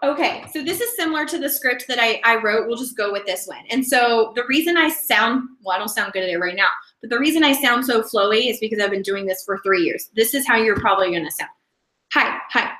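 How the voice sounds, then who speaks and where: A woman's voice: a little high, expressive, fast, hardly any pauses, fairly bright tone, reverberant, poor audio. A woman team leader giving a casual training talk, chatty and rambling, often breaking off and restarting her sentences. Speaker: direct sales team leader.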